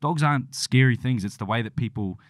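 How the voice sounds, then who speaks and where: A man's voice: medium pitch, a little fast, dry recording, clean studio sound. A young man co-hosting a podcast, telling a long story in casual chat, swearing freely and acting out what people said. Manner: rambling storyteller, swears freely, acts out quotes. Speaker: podcast co-host.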